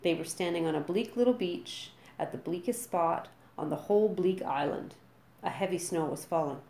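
A woman reading a children's storybook aloud with lively, dramatic delivery. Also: fairly low pitch, moderate pace, gravelly, echoey room.

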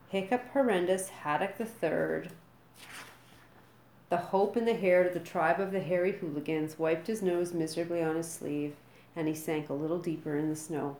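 A woman reading a children's storybook aloud with lively, dramatic delivery. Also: fairly low pitch, normal speed, reverberant.

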